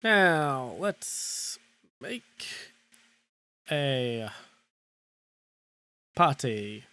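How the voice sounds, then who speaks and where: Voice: medium pitch, sing-song, extremely slow, pushed and bright, clean tone. A streamer from Australia chatting casually while gaming, grumbling and sarcastic, muttering to themselves between matches.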